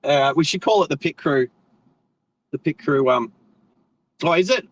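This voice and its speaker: A man's voice: a little high, animated, measured pace, dry recording, rough recording. An Australian man hosting a live stream, chatting casually and rambling as he corrects himself mid-sentence. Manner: rambling, chatty, self-correcting, friendly slang. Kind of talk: casual live stream chat while driving.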